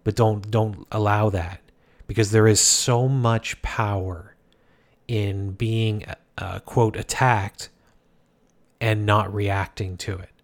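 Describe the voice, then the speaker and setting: A man talking calmly through life advice in a casual, rambling way, often restarting his sentences. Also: on the low side, slow pace. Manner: calm, rambling, many restarts. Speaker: speaker giving life advice. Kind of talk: casual self-help talk.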